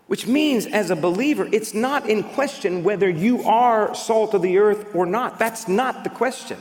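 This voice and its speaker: A man's voice: high-pitched, expressive, normal speed, darkish tone, long reverb tail. A man preaching a sermon as a pastor, emphatic and full of rhetorical questions.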